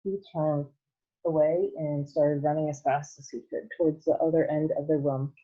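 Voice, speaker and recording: Breathy woman teacher reading aloud. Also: low voice, fairly even intonation, normal speed, warm tone. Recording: tinny phone-like line.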